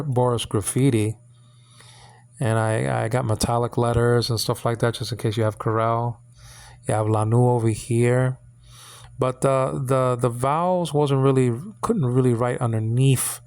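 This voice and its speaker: Gravelly man teaching, halting and repetitive. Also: medium pitch, darkish tone. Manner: halting, repeats words, many fillers; coaxing checks like "okay?" and "you understand?". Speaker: channel host teaching Hebrew. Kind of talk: informal Bible Hebrew lesson.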